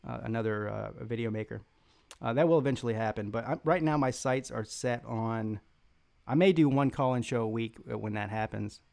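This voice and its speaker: Southern US male stream host, rambling mocking trash talk, lots of uhs, a rough fry in the voice. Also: mid-range voice, darkish tone. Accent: Southern American. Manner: rambling, halting, with many fillers and restarts. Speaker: sports live-stream host. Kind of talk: live-stream chat reading viewer comments.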